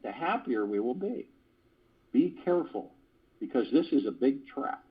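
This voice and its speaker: A man's voice: mid-range voice, slightly rough. A man hosting a spiritual conference call, reading a prepared talk in an earnest way and breaking off now and then for a playful aside. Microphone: phone conference call. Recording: dull lo-fi phone call line.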